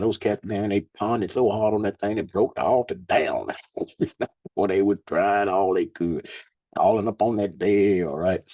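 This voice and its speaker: Husky-voiced man reading scripture, animated. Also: fairly low pitch, no room sound. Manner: slangy, laughing asides between verses. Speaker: Bible teacher. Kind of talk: scripture reading with casual commentary.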